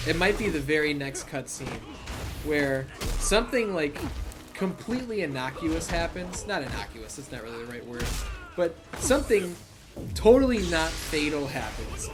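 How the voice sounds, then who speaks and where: Tired man rambling over gameplay. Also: fairly high pitch. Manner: rambling, profane, laughing asides. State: tired, late at night. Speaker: let's play gamer. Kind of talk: casual gameplay commentary.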